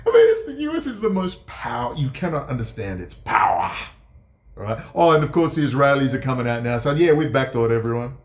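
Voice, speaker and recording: A man giving ranting commentary, sarcastic and profane, dropping to low mutters and jumping to high mocking outbursts. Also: big pitch swings, fairly quick. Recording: echoey room.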